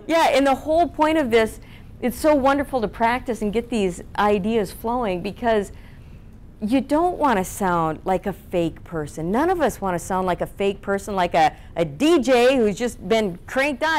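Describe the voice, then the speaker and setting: Woman, public speaking coach at a seminar, expressive, plays voices, faint rumble in the room. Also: normal speed. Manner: expressive, asks the room questions, acts out flat and lively voices. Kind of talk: seminar talk to a live group.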